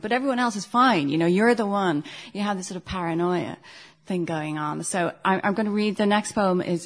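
Woman, middle-aged, poet at a reading, husky, low voice, self-deprecating asides. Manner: self-deprecating, hesitant between poems, measured when reading. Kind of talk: poetry reading with chatty asides.

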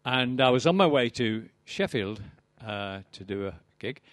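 A man's voice: mid-range voice, lively intonation, unhurried, no echo. An older man giving a live poetry reading, with wry, rambling, self-deprecating asides to the audience. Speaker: poet performing to an audience.

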